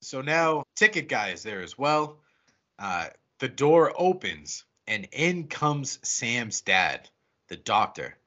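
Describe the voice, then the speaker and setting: A man casually retelling a film's plot on a podcast, swearing freely and slipping into quick voices for the characters. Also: medium pitch, sing-song, fairly bright tone, lo-fi sound. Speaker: podcast co-host. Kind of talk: casual movie recap.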